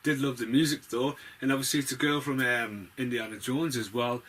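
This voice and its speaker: A man's voice: mid-range voice, steady tone, fairly quick, fairly bright tone. Blunt, sweary man ranting about films. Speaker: film reviewer. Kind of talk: casual ranting film review.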